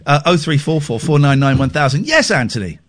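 A man's voice: on the high side, big pitch swings, brisk. A man hosting a radio phone-in, talking candidly and self-deprecatingly, rambling with restarts. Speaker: radio host. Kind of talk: late-night radio phone-in chat.

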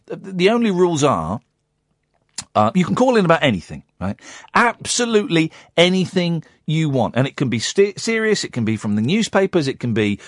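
A man's voice: on the high side, sing-song, moderate pace, no echo. A man hosting a radio phone-in, chatting casually and telling a rambling, self-mocking story from the studio.

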